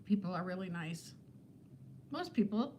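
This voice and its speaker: A woman's voice: lowish voice, animated, measured pace, a little mellow, slight background noise. A woman in her fifties who is a weight-loss vlogger, chatting casually with viewers on a livestream in a rambling way and laughing often. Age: 50s.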